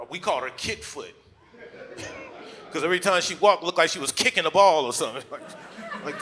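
A man working a comedy club stage with a brash, crude stand-up set. His voice is bright and forceful, and his pitch jumps all over as he slips into quick put-on voices. He speaks on a handheld stage mic. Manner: loose, crude punchlines with vivid put-on voices.

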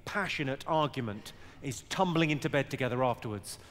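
A man's voice: mid-range voice, lively intonation, a little fast, fairly bright tone, a little hiss or hum. A man doing a stand-up routine with dry, punchy delivery. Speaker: stand-up comedian.

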